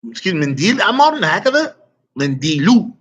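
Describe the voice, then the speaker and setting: A man's voice: high voice, big pitch swings, fairly quick, fairly bright tone, breathy edge. A man teaching an online Arabic grammar lesson, quizzing students and praising their answers with casual asides.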